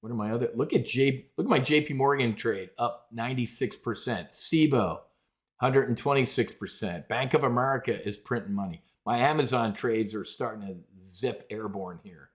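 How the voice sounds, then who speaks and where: A brash middle-aged man runs a live trading stream, rambling through charts and trades. He keeps calling his listeners folks and ladies and gentlemen, with a voice of ordinary pitch. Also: normal speed. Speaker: trading show host. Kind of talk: live market commentary.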